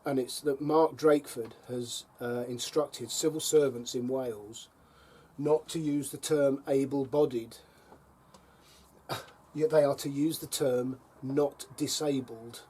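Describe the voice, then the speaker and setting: Husky, wry middle-aged man chatting. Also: medium pitch, steady tone, a little slow, dark tone. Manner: wry, chuckling storyteller with dry jabs. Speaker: allotment vlogger. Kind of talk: casual chat to camera. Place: allotment plot by a fire.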